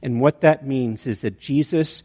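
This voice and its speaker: A man's voice: mid-range voice, unhurried, mellow. A man preaching a sermon, telling an illustration story with many restarts. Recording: long hall reverb.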